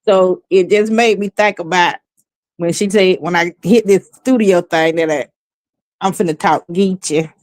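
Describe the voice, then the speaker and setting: A woman from the American South with a Southern accent, a fast-talking, easygoing guest in a casual chat. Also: fairly low pitch, a little mellow, dry recording.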